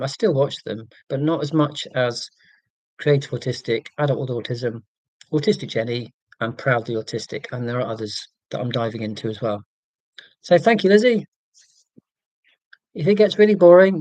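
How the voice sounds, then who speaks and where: A man's voice: mid-range voice, darkish tone, no room sound. A man from Scotland hosting a casual livestream, chatting to viewers in a rambling way with many ums and restarts. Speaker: livestream host.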